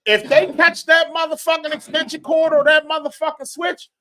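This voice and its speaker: A man's voice: very high-pitched, little pitch movement, normal speed, pushed and bright. A man in a casual talk show, telling stories in an emphatic, profane way. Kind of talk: casual storytelling chat.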